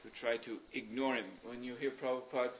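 A man giving a spiritual talk, working through ideas in a roundabout, reflective manner and pausing to search for words. His voice sits at a middle pitch. The lo-fi recording sounds dull, with a faint hiss behind it. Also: level tone. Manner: thoughtful, meandering, pauses with um and uh. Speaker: spiritual teacher leading a class. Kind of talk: explanatory religious discourse.

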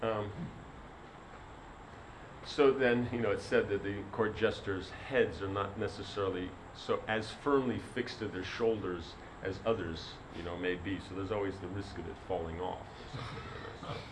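A man's voice: lowish voice, steady tone, normal speed, noisy background. A man giving a sermon as a spiritual teacher, telling a story in a rambling way full of "you know".

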